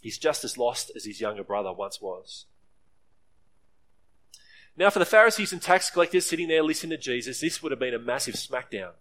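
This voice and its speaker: With lively intonation and a brisk, slightly bright voice, this man delivers an earnest sermon as a pastor. He briefly performs the voices in the story, his pitch rising for the quotes.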